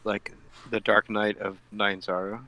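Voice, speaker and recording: A man's voice: lowish voice, little pitch movement, unhurried, bright, forceful tone, a little hiss or hum, rough recording. A man playing a tabletop game, amused and laughing often. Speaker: player.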